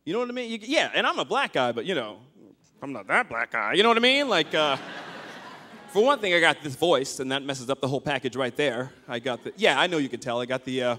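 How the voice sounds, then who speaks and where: A man's voice: fairly high pitch, big pitch swings, a little fast, pushed and bright. A man doing a self-mocking stand-up comedy set on a club stage, full of asides. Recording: noisy comedy club with crowd.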